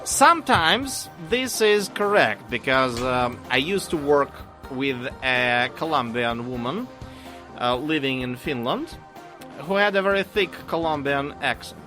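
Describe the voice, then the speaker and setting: Slow, bright-voiced man. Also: a little high, expressive, faint music behind. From Russia. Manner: storytelling with pauses and fillers, dry humor. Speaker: podcast co-host. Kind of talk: casual chat.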